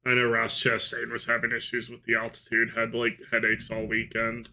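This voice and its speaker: A man's voice: medium pitch, monotone, a little fast, creaky, pushed and bright. A young man co-hosting a casual podcast chat, joking and laughing often. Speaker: podcast co-host.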